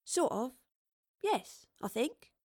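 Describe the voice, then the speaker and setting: A troubled female scholar thinks aloud in an earnest, measured voice, as a woman reads her part. She sounds reflective and weighed down. The audiobook recording is dry and close. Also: high voice, sing-song, a little mellow, slightly rough, no room sound, voice pushed up, full character voice. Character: thoughtful, troubled female time-traveling scholar.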